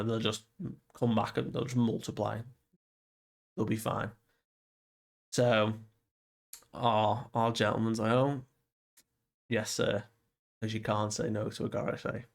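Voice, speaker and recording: A young man who reviews manga casually recaps a comic chapter, rambling along and loosely quoting the characters. His medium-pitched voice is full of fillers.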